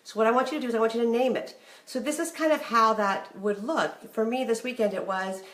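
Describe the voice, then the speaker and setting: A woman's voice: on the high side, fairly quick, a bit bright. Chatty middle-aged woman, echoey room. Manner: chatty, candid, acts out remembered dialogue. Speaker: marriage advice host. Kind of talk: casual talk to camera.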